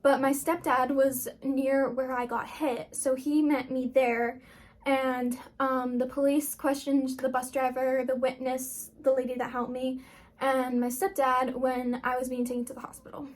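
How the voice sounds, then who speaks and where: A woman's voice: high-pitched, level tone, unhurried. A young woman vlogger telling a personal story in a casual, rambling way, full of fillers.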